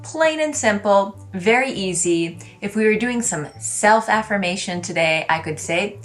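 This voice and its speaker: A woman's voice: mid-range voice, fairly bright tone. A woman hosting a casual video lesson, bubbly and chatty with playful asides. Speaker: language YouTuber.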